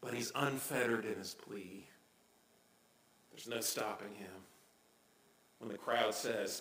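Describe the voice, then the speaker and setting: A man preaching a sermon as pastor, swinging from hushed asides to loud, excited cries. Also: lowish voice, takes it slowly, long pauses, echoey room, rough recording.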